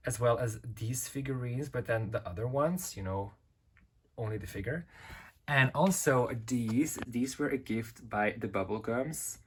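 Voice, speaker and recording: A collector in their twenties gives a casual, gushing tour of their shelves, filming one-handed and praising every item over and over. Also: medium pitch. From Belgium. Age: 20s. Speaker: collector vlogger. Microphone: handheld camera held in one hand.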